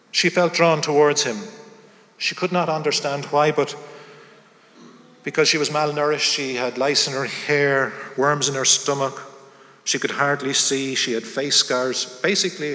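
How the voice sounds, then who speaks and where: A man's voice: on the high side, pushed and bright. Male preacher telling a story in a hall. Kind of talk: sermon storytelling. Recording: long hall reverb.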